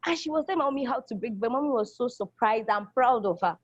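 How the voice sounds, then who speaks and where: A woman's voice: on the high side, lively intonation, fast, slightly rough, no room sound. Young woman, college student, enthusiastic, repetitive, dull lo-fi sound, dry. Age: young adult. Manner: enthusiastic, repeats phrases, acts out quoted people. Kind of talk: casual spoken testimonial.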